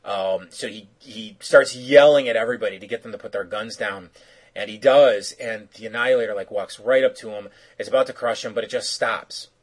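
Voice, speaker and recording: A man's voice: on the low side, brisk, breathy edge, low-quality recording. A man co-hosting a podcast, casually recapping an episode in a rambling, joking way. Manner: rambling, joking, filler-heavy. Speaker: podcast co-host.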